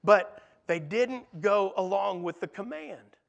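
A man's voice: high voice, lively intonation, slow, vocal fry, muffled recording. A man preaching a sermon in an earnest way, asking his listeners rhetorical questions.

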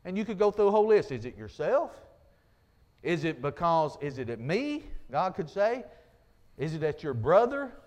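High-voiced man preaching a sermon. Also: very animated, moderate pace, darkish tone. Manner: earnest, repetitive restarts, quotes scripture.

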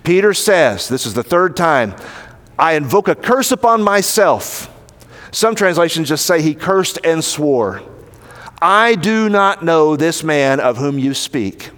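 A man with a Southern American accent preaching a sermon, retelling the story dramatically and acting out the quoted lines. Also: medium pitch. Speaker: pastor. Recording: hall reverb.

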